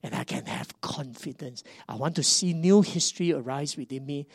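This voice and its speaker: A middle-aged man with a Singaporean English accent, preaching a sermon as a pastor, animated and swinging between hushed and emphatic. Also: on the high side, moderate pace, breathy edge, no room sound, clean studio sound.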